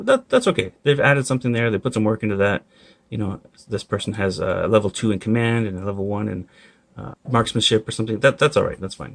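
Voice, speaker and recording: A man's voice: lowish voice, creaky. A man reviewing collectible toys in a casual vlog, candid and complaining with frequent apologetic asides.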